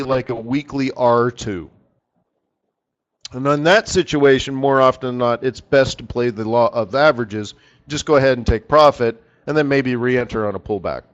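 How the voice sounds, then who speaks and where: A chatty, animated man hosts a live teaching stream and talks straight to his viewers by name. His voice sits a little higher than most men's. The audio is slightly dull and lo-fi. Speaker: trading strategist hosting a live session.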